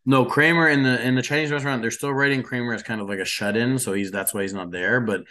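A man's voice: mid-range voice, steady tone, quick pace, bright, forceful tone. A man co-hosting a podcast in casual chat, giving blunt, profane opinions and animatedly retelling scenes. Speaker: podcast co-host.

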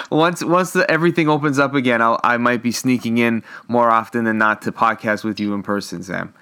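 A man with a smooth, resonant voice chats casually on a podcast over a remote call. He rambles, restarts his sentences and drifts between thoughts. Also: medium pitch, normal speed. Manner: rambling, many restarts, relaxed. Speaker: podcast co-host. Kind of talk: casual chat.

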